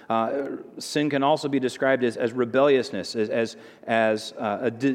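A man's voice: mid-range voice, a little mellow, long reverb tail. A male pastor preaching a sermon, building intensity through repeated phrases and stammering restarts.

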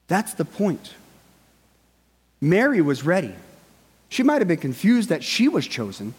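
A man's voice: a little high, big pitch swings, moderate pace, pauses often, darkish tone, husky, long reverb tail. A male pastor giving a sermon in a conversational way, often checking in with his listeners. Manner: conversational, with frequent "right?" asides.

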